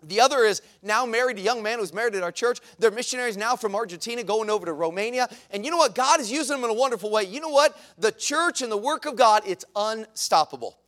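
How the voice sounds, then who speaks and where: Male pastor, high voice, lively storytelling sermon. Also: fast, few pauses. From United States. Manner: animated, conversational, acts out quotes. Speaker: pastor and missionary.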